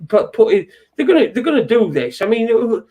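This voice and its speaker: A man hosting a casual chat show, rambling and halting with lots of swearing. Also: extremely high pitch, sing-song, dark tone. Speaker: host.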